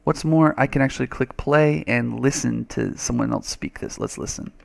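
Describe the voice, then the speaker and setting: A man's voice: mid-range voice, normal speed, creaky. A man teaching a reading lesson over a screen recording, chatty and thinking aloud, with little playful sound effects.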